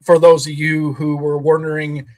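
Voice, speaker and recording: Rambling, emphatic man, higher voice. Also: monotone, moderate pace, a little mellow. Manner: rambling, emphatic, swears casually. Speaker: podcast co-host. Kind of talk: casual tech chat.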